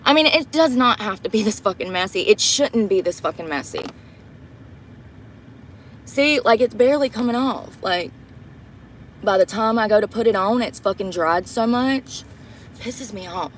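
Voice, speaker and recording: A woman's voice: medium pitch, expressive, moderate pace, pauses often, a little hiss or hum. A profane woman venting in a truck. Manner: profane, blunt and exasperated. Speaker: vlogger livestreaming a get-ready-with-me. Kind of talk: casual storytelling while doing makeup. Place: inside a parked truck.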